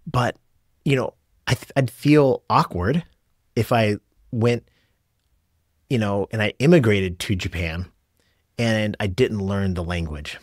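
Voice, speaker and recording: A man's voice: lowish voice, slow pace, long pauses, no echo, studio quality. A middle-aged American man hosting his own podcast, talking casually and rambling through his thoughts with restarts and asides. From United States. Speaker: podcast host and rideshare driver. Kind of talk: casual solo podcast talk.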